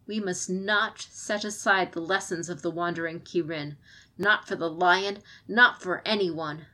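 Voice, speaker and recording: A woman voicing a fierce, defiant female samurai advisor, speaking with forceful, impassioned pleading in an audiobook. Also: on the low side, steady tone, a little slow.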